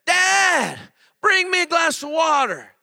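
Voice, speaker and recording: A man's voice: very high voice, big pitch swings, slow, gravelly, dry recording, clean studio sound, pitched above the performer's own voice, heavily acted. A man voicing a small, restless boy who hollers from bed begging for a glass of water. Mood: pleading. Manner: loud whiny hollering.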